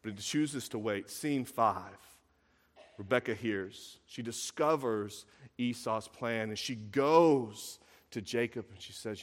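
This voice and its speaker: A man's voice: medium pitch, lively intonation, measured pace. Man preaching in a reverberant hall. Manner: storytelling, acting out quotes, rising to emphatic peaks. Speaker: pastor. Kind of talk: sermon.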